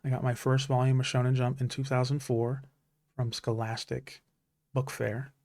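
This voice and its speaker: Clean studio sound with no room ambience carries a man's mid-range, slightly mellow voice, which moves little in pitch and runs at normal speed. He's a streamer in his thirties, casually sharing, with sincere feeling and many restarts, the stories that mean something to him.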